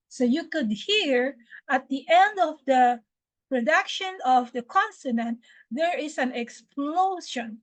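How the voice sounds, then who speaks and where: Slow, high-voiced Filipino woman teacher. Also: expressive, no echo, poor audio. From Philippines. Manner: slow and deliberate, repeating words for drilling. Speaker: English pronunciation teacher. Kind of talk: pronunciation lesson.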